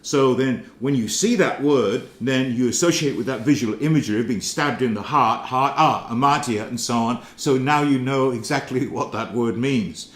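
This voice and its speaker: Middle-aged English man, Greek teacher, rambling and hesitant, mid-pitched voice, roomy echo. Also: moderate pace, few pauses. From England. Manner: rambling, hesitant, many fillers and restarts. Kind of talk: informal recorded lecture.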